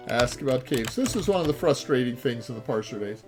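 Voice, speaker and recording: A man's voice: mid-range voice, lively intonation, brisk, few pauses, a little mellow, faint music behind. A man who designed the game, giving let's play commentary while he plays it, rambling and full of ums and uhs. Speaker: game designer playing his own game.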